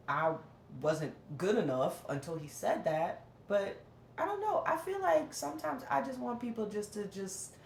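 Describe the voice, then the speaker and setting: A woman venting to camera in a candid, rambling personal rant, often dropping low and flat to mimic what others said. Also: reverberant, a little hiss or hum. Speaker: vlogger.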